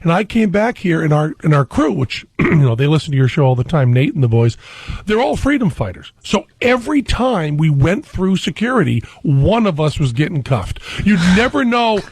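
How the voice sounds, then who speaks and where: A middle-aged man, a guest on a talk radio show, telling rambling, animated stories on a studio mic. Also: fairly high pitch, normal speed, slightly rough, dry recording.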